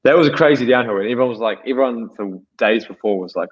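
A man's voice: medium pitch, very fast, husky. A man from New Zealand, a podcast co-host telling rambling, laughing anecdotes in casual chat. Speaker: podcast co-host, pro cyclist. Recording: dull lo-fi sound.

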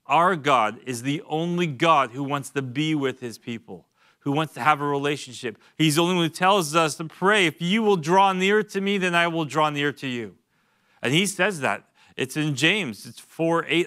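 A young man gives a relaxed, chatty sermon at church, his voice bright and forward with a clean, ringing clarity. He teaches in a friendly, conversational way, slipping in quick jokes and asides and sometimes repeating a word as he gathers his thoughts. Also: fairly high pitch, smooth. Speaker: pastor.

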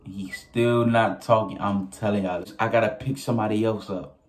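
A young man telling a story casually to his viewers, animated and profane, often laughing as he goes. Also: fairly low pitch, moderate pace, a little hiss or hum. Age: young adult. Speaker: vlogger.

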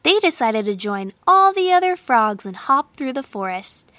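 A woman tells a children's story in a slow, expressive way. Her voice is high and bright. The sound is close and dry. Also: dry recording. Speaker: narrator. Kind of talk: storybook narration translated from sign language.

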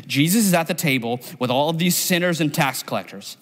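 A man's voice: fairly high pitch, brisk, fairly bright tone, in a large hall. Punchy, conversational male pastor. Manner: conversational, punchy, asks the crowd. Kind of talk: sermon. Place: church sanctuary.

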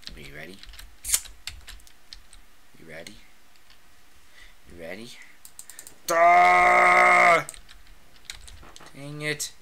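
A gamer talks through a shooter match in a casual, excitable way, taunting opponents and breaking into shouted outbursts. The voice is very sharp and bright. The talk runs slowly between bursts. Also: mid-range voice, vocal fry, a little hiss or hum. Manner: excitable, trash-talking, frequent shouted outbursts. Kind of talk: casual gameplay commentary.

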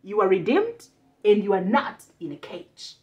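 A woman preacher delivering an impassioned sermon. She repeats rhetorical lines and breaks into bursts of shouting. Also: medium pitch, huge pitch swings, measured pace, dull audio.

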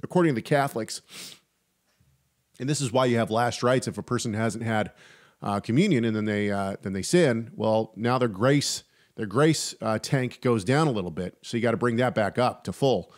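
A man's voice: mid-range voice, moderate pace. A man co-hosting a podcast in casual theological chat. He rambles, restarts sentences and drops joking asides. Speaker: podcast co-host.

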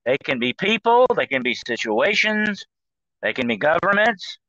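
Bright-voiced man with many fillers. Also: fairly high pitch, big pitch swings, normal speed, no echo, lo-fi sound. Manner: rambling, many fillers and restarts. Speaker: guest on demonology show. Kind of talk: casual talk-show discussion.

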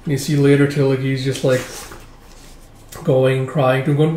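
A man's voice: mid-range voice, little pitch movement, normal speed, dark tone. Rambling man with a roomy echo. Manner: rambling, full of "it's like" and "just, like". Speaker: manga reviewer. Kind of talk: casual recap vlog.

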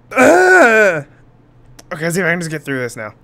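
A young man doing let's play commentary, frantic and yelling in mock panic, then calming down. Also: high voice. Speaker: gaming YouTuber.

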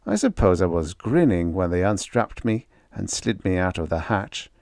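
A man narrating a first-person story in a hard-boiled, expressive reading on a close mic. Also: low voice, moderate pace, no echo. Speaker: audiobook narrator.

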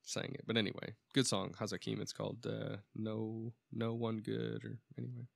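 A man's voice: fairly low pitch, flat delivery, moderate pace, creaky, dry recording, studio quality. A man co-hosting a faith podcast in casual chat, rambling a little and restarting his sentences as he explains. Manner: rambling, self-correcting, restarts often. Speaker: podcast co-host.

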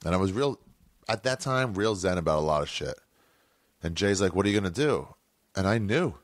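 Low-voiced man telling rambling stories. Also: animated, brisk, no echo, clean studio sound. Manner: rambling, profane, self-correcting. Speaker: podcast host. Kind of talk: casual storytelling.

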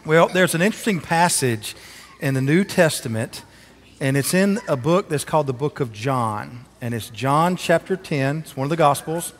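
Chatty pastor in a reverberant sanctuary. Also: male voice, fairly high pitch, lively intonation, moderate pace. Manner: chatty, coaxing, asks children questions. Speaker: pastor leading a children's moment. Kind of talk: children's sermon and prayer. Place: church sanctuary. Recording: church service with long reverb.

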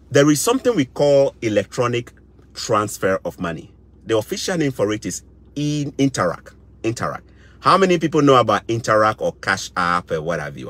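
A middle-aged Ghanaian vlogger with a Ghanaian English accent delivers impassioned, indignant commentary, repeating phrases for emphasis. His medium-pitched voice has a breathy edge, and there's no echo.

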